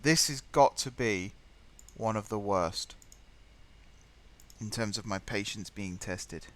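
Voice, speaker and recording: A man provides live gameplay commentary on a stream, muttering and thinking out loud as he plays and getting exasperated easily. His voice is lowish and fairly bright, and he speaks slowly.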